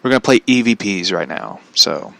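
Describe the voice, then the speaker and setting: A man hosting a podcast in a casual chat, rambling and halting, with many "like" fillers and chuckles. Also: low-pitched, very animated, vocal fry, sharp tone, no echo. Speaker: podcast host.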